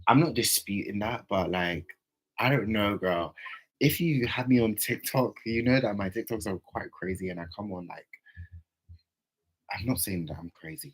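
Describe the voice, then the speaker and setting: A man chatting casually on a livestream, playful, with sudden loud outbursts. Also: on the low side, low-quality recording.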